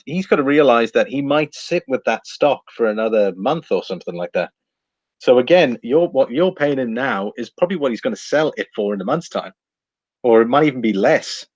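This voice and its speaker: A man hosting a live stream, chatting casually and thinking out loud while he reads out figures and viewer comments. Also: mid-range voice, husky, no echo, muffled recording. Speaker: livestream host reading viewer chat.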